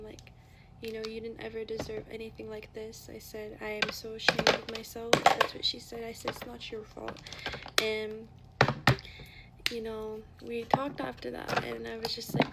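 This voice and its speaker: Young woman, rambling storytime, slightly high flat voice, faint background noise. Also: gravelly. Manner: rambling, filler-heavy, swears, drops to whispers. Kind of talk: casual storytime.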